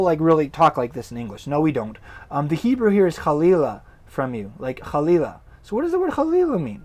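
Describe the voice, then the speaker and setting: A man, likely young, teaching Hebrew words in a casual, animated online lesson. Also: fairly high pitch. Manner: animated, informal, bursts into loud exclaimed words.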